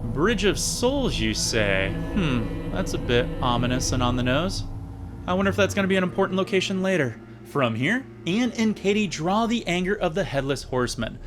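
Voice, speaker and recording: A man's voice: high voice, expressive, brisk, over music. A man casually reviewing an old episode with sarcastic, jokey asides. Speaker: video reviewer.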